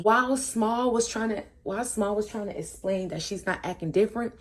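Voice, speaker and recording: A young woman telling a casual storytime, animated and full of slang, acting out what her friends said. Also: mid-range voice, fairly quick, hardly any pauses.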